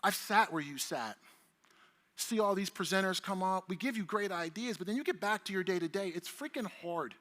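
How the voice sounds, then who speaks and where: Middle-aged male keynote speaker, high pitch, brash and profane, working the room in a big reverberant hall. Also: a little fast, hardly any pauses. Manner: animated, profane, chatty with the audience. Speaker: conference speaker. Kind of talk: energetic keynote talk. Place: large conference hall stage. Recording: long reverb of a large conference hall.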